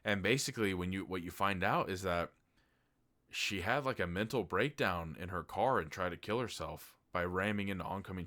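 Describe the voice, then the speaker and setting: Man, very deep voice, casual vlog review, rambling, filler-heavy, swears. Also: pushed and bright. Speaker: TV review vlogger.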